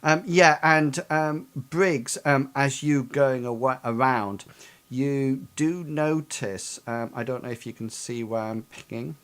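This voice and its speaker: Slow, hesitant man running a game. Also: medium pitch, steady tone, fairly bright tone, smooth. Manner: hesitant, filled with ums and likes. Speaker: game master. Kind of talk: narrating a tabletop game.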